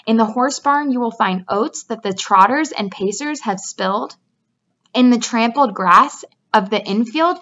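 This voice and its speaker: A woman's voice: mid-range voice, pushed and bright. A woman voicing an old, knowing female sheep who coaxes and relishes long lists, in a dull lo-fi recording.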